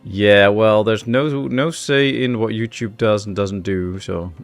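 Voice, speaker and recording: A man's voice: lowish voice, fairly even intonation, measured pace, faint music behind. A man with a Dutch accent giving laid-back live-stream gameplay commentary, chatting with his viewers and joking around. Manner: chatty, laid-back, answers chat with jokes. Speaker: gaming streamer.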